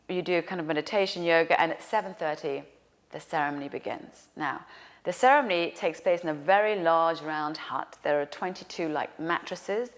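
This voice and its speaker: A woman telling a personal story in an animated way, dropping to a hushed whisper for quoted lines. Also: fairly low pitch. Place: lives in New York.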